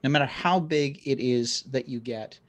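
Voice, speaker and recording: A man's voice: mid-range voice, moderate pace. A man hosting a podcast, who chimes in with short agreements and then lays out a lesson with emphatic buildup. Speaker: podcast host. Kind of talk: casual podcast chat.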